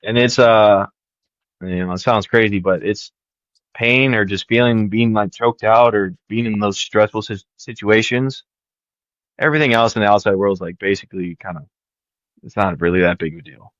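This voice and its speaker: Low-voiced man on a dull mic. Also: no echo. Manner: relaxed, halting, many fillers. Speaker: podcast co-host. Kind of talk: casual podcast chat.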